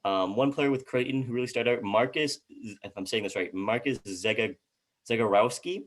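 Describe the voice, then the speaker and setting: A man's voice: medium pitch, normal speed, fairly bright tone. A man co-hosting a casual sports chat, reading out team records and stumbling over player names. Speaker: co-host.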